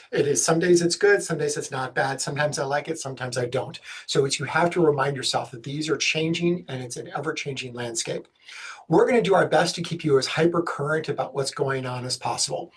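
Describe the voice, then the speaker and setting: A man from the States, giving a webinar presentation on special education law in a fast, energetic way with jokey asides. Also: fairly high pitch, breathy edge. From Southern United States.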